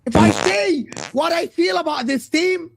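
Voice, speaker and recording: Guest pundit, male, from Egypt: high, gravelly voice, passionate, repetitive football ranting. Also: animated, a little slow, a little hiss or hum. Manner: passionate ranting, repeats his points. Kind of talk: heated football talk on a live stream.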